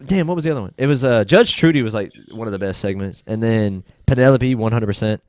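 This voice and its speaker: A young podcast co-host talks fast in a lowish, slightly mellow voice, captured in a dry recording. Chatting casually, he animatedly retells sketches in goofy voices and swears freely.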